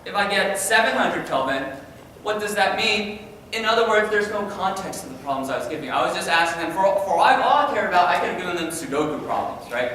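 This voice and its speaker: A male high school science teacher giving an energetic, animated conference presentation, often repeating words as he starts a sentence. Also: fast. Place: large conference room. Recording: echoey hall from far off, faint noise.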